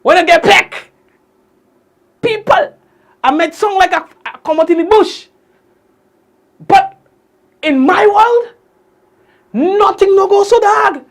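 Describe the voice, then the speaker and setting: A man voicing an indignant restaurant owner who is fiercely proud of their cooking, speaking in a Grenadian accent and ranting in a high, loud, preachy way. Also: slow, pauses often, full character voice.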